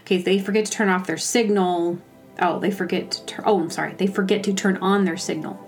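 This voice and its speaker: A woman's voice: lowish voice, fairly even intonation, a little fast, soft background music. Rambling, exasperated woman host. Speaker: podcast host. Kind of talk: casual comedic rant.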